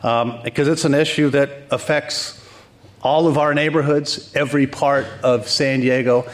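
A man's voice: medium pitch, fairly even intonation, normal speed. A man giving a welcome speech at a conference as mayor, upbeat with joking asides and frequent restarts.

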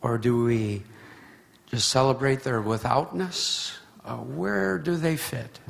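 A man in the audience asking a question at a talk, in a hesitant, halting way. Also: mid-range voice, gravelly.

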